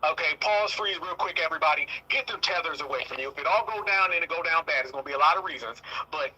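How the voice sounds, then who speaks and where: A man's voice: fairly high pitch, fast, pushed and bright, husky, rough recording. A man hosting a heated commentary talk show, emphatic and repetitive, often swearing. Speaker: host.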